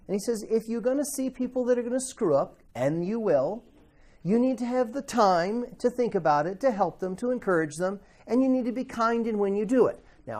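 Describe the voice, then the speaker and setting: His voice sits high as he leads a classroom Bible lesson in a chatty style. He poses questions to the class and acts out quotations, sometimes erupting loudly.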